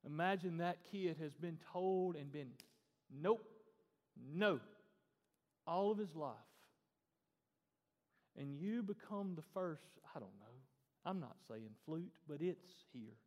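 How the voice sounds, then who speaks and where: High-voiced preacher man in a big hall. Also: unhurried. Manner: animated preaching, acting out quoted voices. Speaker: pastor. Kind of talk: sermon.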